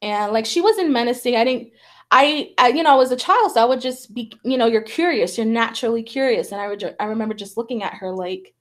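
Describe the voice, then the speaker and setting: Her voice is a little high and quick as this talk show host and psychic medium shares a personal story in a chatty, casual way. Fillers like "like" and "you know" come constantly, and she performs the quoted lines.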